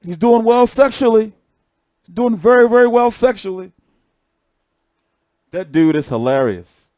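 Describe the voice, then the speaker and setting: A young boxing commentator on a live stream talks casually at a measured pace, his high voice leaping around as he gets worked up, swearing and repeating phrases excitably. The sound is close and dry with no room echo.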